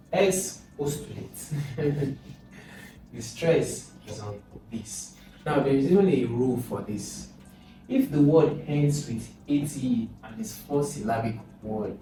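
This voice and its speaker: A man, coaching students through exam questions and asking and answering his own questions. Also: fairly low pitch. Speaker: exam prep tutor. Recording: echoey room, distant mic, noisy.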